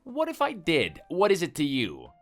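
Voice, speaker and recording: A man's voice: fairly high pitch, wildly swooping pitch, normal speed, faint music behind. A synthetic male voice as a menacing, hot-tempered husband. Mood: angry, dismissive. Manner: dismissive, defensive and menacing. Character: hot-tempered threatening husband, adult man. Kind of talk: text-to-speech story voice.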